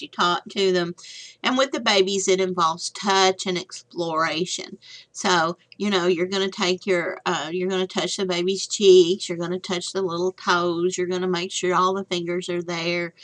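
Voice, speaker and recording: A woman's voice: on the low side, fairly bright tone. An older woman giving a recorded slide lecture as a nursing instructor, chatty with folksy asides.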